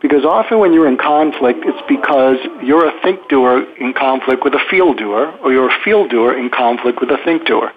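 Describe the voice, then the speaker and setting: A man's voice: mid-range voice, expressive, moderate pace, few pauses, slight background noise. An older man, a psychiatrist guest, explaining at length in a rambling way with many fillers and restarts. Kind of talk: casual explanatory interview talk. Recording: tinny phone line.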